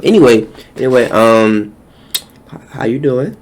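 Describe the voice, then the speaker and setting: A man giving slangy, joking reaction commentary, his voice jumping high when surprised. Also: measured pace, loud music behind the voice. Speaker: reaction YouTuber.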